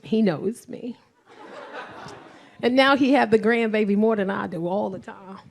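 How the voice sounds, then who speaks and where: A woman in her forties performing stand-up comedy, telling a story with lots of swearing and sudden loud bursts. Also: mid-range voice, measured pace, gravelly. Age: 40s. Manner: animated storytelling with profanity and bursts of shouting.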